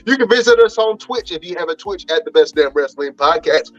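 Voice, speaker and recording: A man's voice: sits high, animated, fairly quick, muffled recording, soft background music. A man hosting a wrestling podcast, casually running through the show's plugs in a laid-back, slangy, rambling way. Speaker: podcast host.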